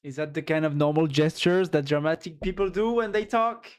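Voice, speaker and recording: A Frenchman whose first language is French chats casually on a live stream, rambling and reading the chat aloud in his French accent. His voice is a little high, clear and resonant, and he speaks fairly quickly.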